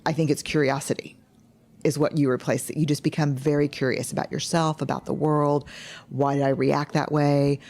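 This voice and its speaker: A woman's voice: low voice, little pitch movement, moderate pace, creaky, a little mellow. Blunt Texan woman speaking. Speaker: speaker in a played talk clip. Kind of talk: public talk.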